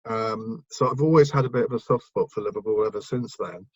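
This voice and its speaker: A broadcaster and author appears as a guest in a casual interview, speaking in a lowish, slightly husky voice at a somewhat fast pace. He rambles, restarts sentences and fills gaps with ums. The recording is dry, a little dull and lo-fi.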